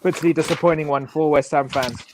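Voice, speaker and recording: A man's voice: fairly high pitch, steady tone, fast, noisy background. A man joining a casual football watch-along as a guest, giving confident opinions.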